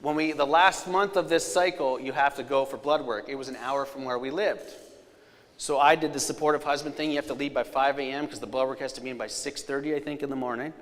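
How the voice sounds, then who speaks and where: A man giving a live storytelling safety presentation, energetic, with loud punchlines and quiet, serious asides. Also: mid-range voice, fast. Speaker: safety speaker. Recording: long hall reverb.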